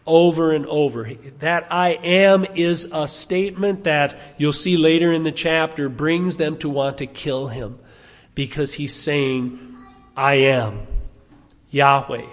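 A man preaching a sermon, animated, asking his congregation rhetorical questions. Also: on the high side, a little slow, big-room sound. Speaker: pastor.

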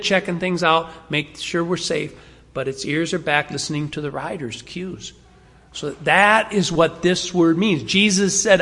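A male pastor delivers a sermon in a relaxed, conversational manner, pressing hard on key words. His voice sits a touch higher than most men's. The sound carries a long, lingering reverb, as from a church sanctuary. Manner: conversational, emphatic, varying pace and volume.

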